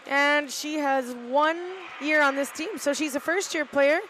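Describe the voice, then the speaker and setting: Middle-aged woman as casual rink commentator: high, unhurried, chatty, faint arena hum behind. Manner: relaxed, chatty, hesitant with fillers. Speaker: volunteer play-by-play commentator, team parent. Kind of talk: amateur live sports commentary. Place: arena balcony overlooking ice rink.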